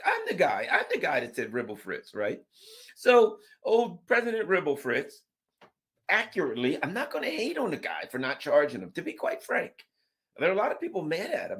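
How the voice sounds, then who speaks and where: A low-voiced man ranting about politics with a lively, swinging delivery. He mocks people in sarcastic voices that leap far up in pitch, then drops back to his own low register. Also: normal speed. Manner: mocking, does sarcastic put-on voices, jumps far up in pitch. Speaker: political commentator. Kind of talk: animated political rant.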